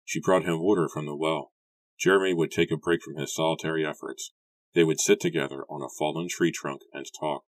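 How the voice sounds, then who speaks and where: Man, audiobook narration, calm, measured, very deep voice, dry close sound. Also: no echo. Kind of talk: scripted narration.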